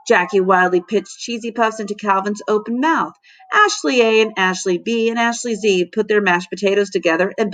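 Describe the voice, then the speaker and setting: A teacher reading a children's chapter book aloud to her class, with expressive, dramatic storytelling. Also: medium pitch. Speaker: fourth grade teacher.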